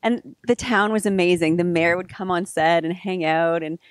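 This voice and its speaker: A woman's voice: lowish voice, normal speed, no room sound, studio quality. A woman co-hosting a casual chat about filmmaking, talking animatedly and saying "like" often. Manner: animated, laughs easily, says "like" often. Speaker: co-host, filmmaker.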